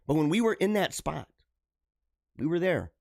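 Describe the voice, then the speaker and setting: A middle-aged man hosting a live show, talking earnestly and haltingly to his viewers, often repeating himself and restarting phrases. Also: a little high, big pitch swings, gravelly, a little mellow, no echo, clean studio sound. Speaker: livestream show host. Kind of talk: emotional personal monologue to viewers.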